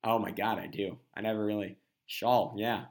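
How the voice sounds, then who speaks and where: A man's voice: on the low side, little pitch movement, fairly quick. A young man from New York City hosting a casual sports podcast, rambling with lots of fillers. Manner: rambling, heavy use of "like" and "uh". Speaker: podcast host.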